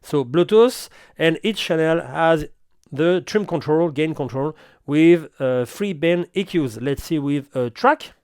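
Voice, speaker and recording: A man reviewing gear in slightly halting English, often restarting his sentences. His voice is smooth and sits a little on the high side, and the recording is close and dry. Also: expressive, a little mellow, no room sound. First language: French. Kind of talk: product demo walkthrough.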